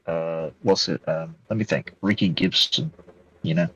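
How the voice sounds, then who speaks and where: A man's voice: sits low, moderate pace, muffled recording, a crowd in the background. A young man co-hosting a wrestling podcast, chatting casually and giving blunt, joking opinions. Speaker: podcast co-host. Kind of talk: casual chat.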